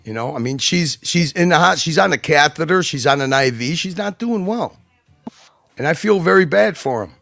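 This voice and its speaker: Guy guesting on a stream, goes on and on, kinda high for a man, dry close mic. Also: animated, normal speed, creaky, fairly bright tone, no room sound, faint music behind. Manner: rambling, emphatic, many restarts and asides. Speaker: guest commentator. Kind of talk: casual livestream chat.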